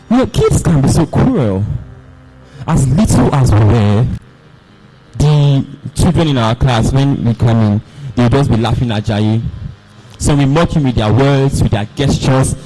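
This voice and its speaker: A young man performing a dramatic spoken-word story in an animated, theatrical way. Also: medium pitch, poor audio. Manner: animated, theatrical, voices the characters.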